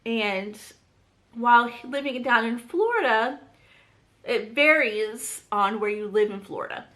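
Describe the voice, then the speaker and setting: A woman's voice: a little high, expressive, measured pace, pushed and bright. A woman with a light Southern US accent chatting to camera about books in a bubbly, chatty way. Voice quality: bubbly, chatty, lots of "like" and "you guys". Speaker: book channel host. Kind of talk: casual chat to camera.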